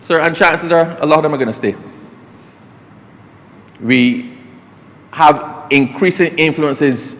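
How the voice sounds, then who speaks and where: A Barbadian man who serves as a government minister delivers a formal speech in a parliament chamber, his voice fairly high and slow with long pauses. He keeps addressing the chair as sir and drifts into folksy stories, all carried by the chamber's long reverb.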